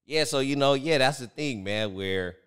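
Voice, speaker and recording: A young American man co-hosting a comedy podcast, talking casually with animated, joking delivery. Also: medium pitch, normal speed, smooth. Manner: animated storyteller, slips into mock voices for quotes.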